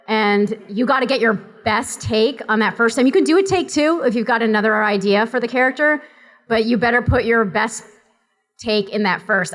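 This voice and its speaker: A woman's voice: on the high side, fairly bright tone, rough recording. A woman voice actor speaking on a convention panel, chatty and prone to tangents. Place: convention hall.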